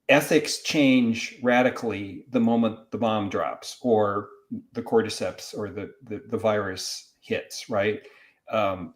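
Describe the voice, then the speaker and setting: A man talks as a guest over a video call, circling his point with restarts and side remarks. His voice sits at an ordinary middle pitch. He speaks in a relaxed, unscripted way. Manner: digressive, many restarts. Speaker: guest academic. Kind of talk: casual discussion.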